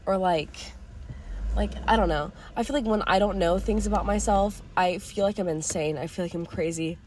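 A teenage girl hosting her own podcast, talking in a candid, rambling way with casual swearing and a voice going a little hoarse. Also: mid-range voice, normal speed, darkish tone, a little hiss or hum. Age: teens. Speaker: podcast host. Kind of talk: casual reflective monologue.

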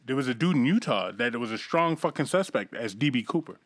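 A man's voice: mid-range voice, lively intonation, fairly quick, no room sound. A young man hosting a casual podcast chat, brash and profane, firing off questions and stories.

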